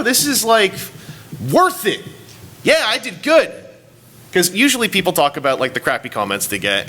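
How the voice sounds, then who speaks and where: A man's voice: medium pitch, sharp tone. A man moderating a convention panel, talking in a rambling, playful way. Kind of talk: casual panel talk.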